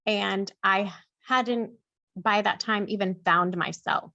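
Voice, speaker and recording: Woman guest, gravelly fry, slow soft speech, muffled lo-fi audio. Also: mid-range voice, fairly even intonation, dry recording. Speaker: podcast guest, coach. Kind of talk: reflective interview talk.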